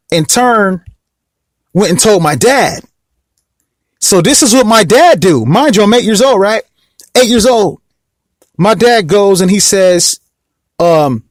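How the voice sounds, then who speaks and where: A young man vlogs to the camera, casually telling a personal story as he rambles, repeats himself, and keeps asking whether you know what he means. His voice is high-pitched, and the studio-quality audio has no echo.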